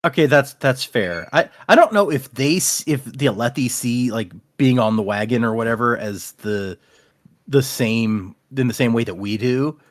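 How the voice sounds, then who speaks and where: Regular-pitched guy rambling through a chapter recap, acting out the lines. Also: moderate pace. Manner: rambling storyteller, acts out quotes. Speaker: podcast co-host. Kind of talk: casual chat, recapping the chapters.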